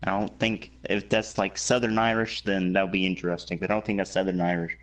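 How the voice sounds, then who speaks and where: A man's voice: sits low, level tone, fairly quick. A young man rambling and teasing crudely in a casual late-night chat as a guest.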